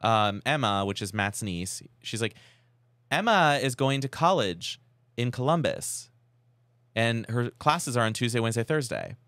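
A podcast co-host tells a story in a loose, chatty way. His pitch swings up and down as he acts out quoted texts and reactions. His voice sits close to the mic in a dry room. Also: animated, unhurried, a bit bright, dry recording. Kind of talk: casual chat.

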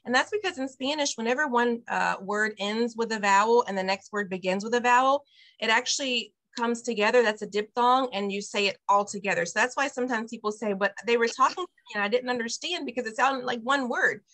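A woman directing an online Spanish class for parents, upbeat and patient, modeling each phrase slowly over a video call. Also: on the high side, a bit bright. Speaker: bilingual preschool director teaching parents.

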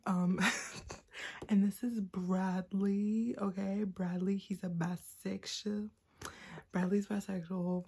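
A sleep-deprived woman in a book vlog, talking fast and giddy in a half-whisper, with a mix of Southern and Californian American accent. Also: mid-range voice, gravelly, mellow, slight background noise. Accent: mixed Southern and Californian American. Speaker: book vlogger. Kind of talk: excited early-morning book chat.

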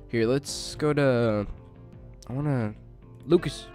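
A man's voice: mid-range voice, slow, faint music behind. A young man giving casual let's play commentary, chatting along and yelping in panic whenever his character is attacked. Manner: excitable, yelps and shrieks when attacked. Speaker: gaming YouTuber.

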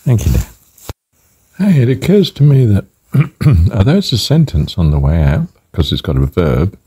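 A man giving a musing spiritual talk, slow and ponderous, turning phrases over and repeating them. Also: on the low side, huge pitch swings, mellow, husky. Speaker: speaker reflecting on a spiritual phrase.

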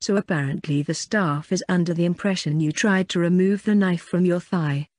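A woman voicing a young adult man, a patient but scolding older brother, in an audiobook, speaking in a measured, chiding way. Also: on the low side, a little mellow, dry recording, clean studio sound, natural voice. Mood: stern. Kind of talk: audiobook character reading.

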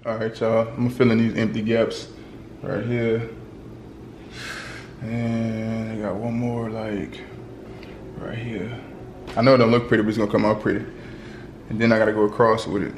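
A man's voice: fairly low pitch, little pitch movement, fairly quick, long pauses, noisy background. Chatty young man cooking at home. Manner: chatty, talks straight to viewers. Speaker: cooking vlogger. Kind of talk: casual chat to camera. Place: home kitchen.

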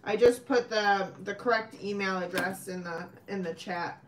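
A woman's voice: medium pitch, moderate pace. A woman helps run a live sale and keeps track of buyers. Her remarks are short and practical. Faint noise is heard in the recording. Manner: brief, practical interjections.

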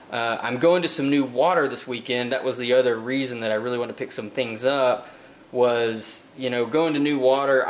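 A man's voice: mid-range voice, a little hiss or hum. Laid-back man rambling through an unboxing. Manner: relaxed, rambling, many fillers and repeats. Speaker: fishing vlogger. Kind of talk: casual tackle unboxing talk.

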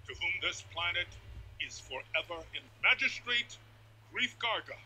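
A man's voice: high-pitched, lively intonation, moderate pace, sharp tone, a little hiss or hum, exaggerated voice, low-quality recording. An actor playing a boastful male town magistrate in a series, hearty and theatrical. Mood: grandiose.

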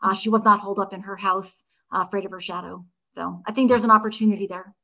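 A woman giving legal commentary as a panel guest, laying out her points briskly one by one. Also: mid-range voice, fairly even intonation, vocal fry, bright, forceful tone.

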